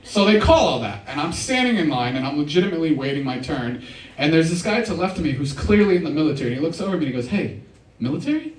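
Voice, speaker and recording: A man's voice: fairly high pitch, sing-song, rapid-fire, a little hiss or hum. A young man performing a casual stand-up comedy set at a live show, often saying "dude". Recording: roomy live sound, mic at a distance.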